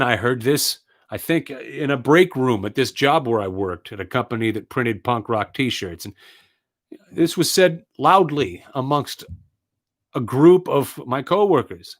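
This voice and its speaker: A man's voice: medium pitch, a bit bright. A man giving an earnest personal monologue, telling his story with indignant, emphatic repetition.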